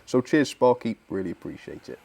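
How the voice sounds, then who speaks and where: A man's voice: mid-range voice, big pitch swings, a little fast, vocal fry, a little mellow, slight background noise. A young man hosting a model railway live stream, chatting cheerfully and thanking viewers, with fillers and little laughs. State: a bit out of breath.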